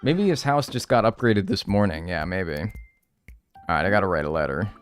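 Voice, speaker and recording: A man's voice: deep voice, normal speed, clear, resonant tone, faint music behind. A man streaming a game live, talking casually and bouncing between chat replies, with a rambling, profane style full of "like". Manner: animated, rambling, swears, heavy use of "like". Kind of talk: casual livestream gameplay commentary.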